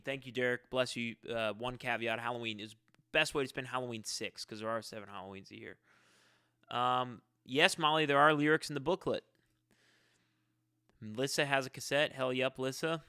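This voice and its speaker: Bright, crisp-voiced man rambling. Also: mid-range voice, dry recording, studio quality. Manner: rambling, halting, often restarts sentences. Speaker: musician answering fan questions. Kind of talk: casual live-stream Q&A.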